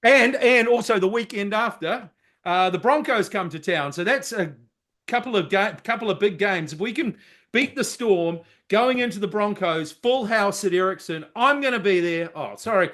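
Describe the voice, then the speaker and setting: A middle-aged man, co-hosting a casual sports podcast, talking excitably and swearing freely. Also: high voice, normal speed. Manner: excitable, loud, swears freely, mimics people. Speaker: podcast co-host.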